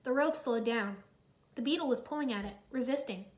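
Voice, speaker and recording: Woman reading a kids' adventure book aloud, high voice, lively. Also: a little fast. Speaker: narrator. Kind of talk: storybook read-aloud.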